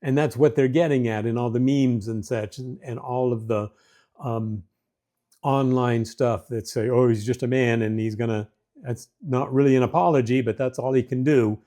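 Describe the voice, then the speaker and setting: A man's voice: medium pitch, normal speed, warm tone. A middle-aged man hosting a marriage advice talk, earnest and folksy, poking fun at himself and acting out quotes as he goes. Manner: earnest, folksy, self-deprecating, with restarts and acted-out quotes. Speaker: host of a marriage advice show. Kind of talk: casual talking-to-camera advice.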